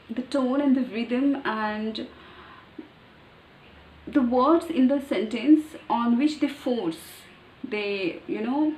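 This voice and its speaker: A woman's voice: on the high side, darkish tone, slight background noise. Indian-accented woman explaining in an echoey room. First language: Marathi. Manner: earnest, explains step by step. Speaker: vlogger. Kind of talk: casual explainer monologue. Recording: echoey room with faint ambience.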